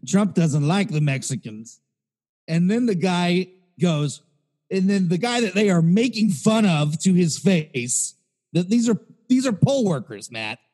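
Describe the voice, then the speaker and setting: A man's voice: high voice, expressive, unhurried, a little mellow, big-room sound. A man co-hosting a podcast, telling a rambling, profane story in casual chat. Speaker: podcast co-host.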